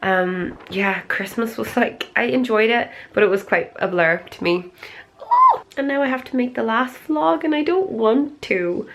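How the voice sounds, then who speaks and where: A woman's voice: a little high, measured pace, fairly bright tone, a little hiss or hum. A woman vlogging to camera at home at night, chatty and confiding, rambling through asides. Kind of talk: casual chat to camera.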